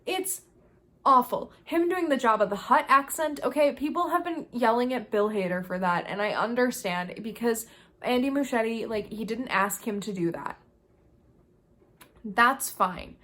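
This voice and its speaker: Vlogger woman, fairly high voice, animated and exasperated casual rant. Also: moderate pace. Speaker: video creator. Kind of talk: casual review vlog.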